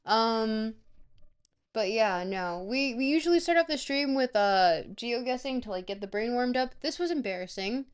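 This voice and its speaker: A woman's voice: on the high side, animated, moderate pace, clear, resonant tone. Chatty woman streamer joking with chat. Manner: rambling, jokey, talks straight to chat. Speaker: livestream host. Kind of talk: casual livestream chat.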